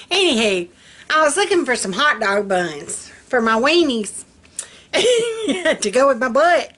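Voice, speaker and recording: A woman's voice: high voice, sing-song, slow pace, fairly bright tone. An older woman, chatting casually to her viewers in a folksy way and laughing often at her own jokes. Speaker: vlogger. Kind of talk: casual chat to camera.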